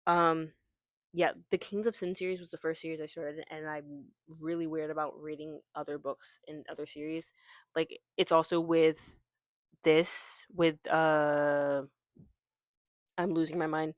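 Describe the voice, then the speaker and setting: A woman's voice: deep voice, level tone, unhurried, no echo. Rambling chatty young woman booktuber. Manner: rambling, self-correcting, chatty with fillers. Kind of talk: casual chat about books.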